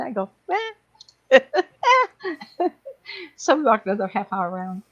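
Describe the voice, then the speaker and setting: Gravelly woman medium telling stories. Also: medium pitch, rapid-fire, muffled recording. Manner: chatty, laughing, acts out quoted voices. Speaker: psychic medium guest. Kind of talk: rambling anecdotal storytelling.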